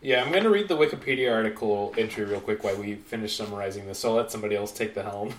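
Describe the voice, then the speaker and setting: A man's voice: lowish voice, very fast, slight background noise. A man co-hosting a podcast in casual, laid-back chat. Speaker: podcast co-host.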